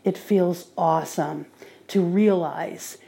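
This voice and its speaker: A woman talking on her own podcast in a casual monologue, calmly recounting her day. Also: on the low side, takes it slowly, vocal fry. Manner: relaxed diary-like recounting. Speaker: podcaster training with a guide dog.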